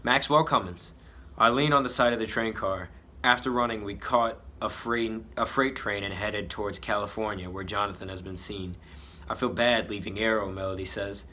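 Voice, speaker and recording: A man with a lowish, steady voice reads aloud a story he wrote as a child, speaking at normal speed with a bright, forceful tone. He pokes fun at the spelling and the drawings as he goes, mocking his younger self's writing in a comedic read-aloud. There's slight background noise.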